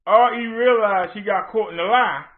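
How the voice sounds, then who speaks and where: A man's voice: high voice, normal speed. A man hosting his own livestream in a heated rant, confronting someone by reading out her messages and answering them. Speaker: livestream host. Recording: tinny phone-like audio.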